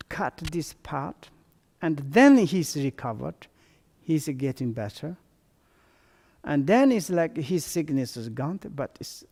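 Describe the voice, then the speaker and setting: A Buddhist teacher gives a dharma talk, a man speaking slowly in broken English, his first language Tibetan. His voice sits a little high and sounds mellow, with frequent halting restarts. A long reverb hangs on every phrase, as in a hall.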